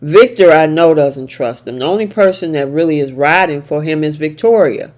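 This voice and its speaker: A woman's voice: low voice, normal speed, a little mellow. A woman hosting a casual soap opera recap chat, talking playfully and laughing often. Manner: chatty and laughing, with playful asides.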